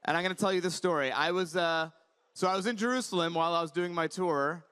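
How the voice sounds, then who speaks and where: A man doing animated stand-up comedy on a conference stage, telling stories with voiced asides. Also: sits high, fast talker, smooth. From Iran. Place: conference stage before a live audience.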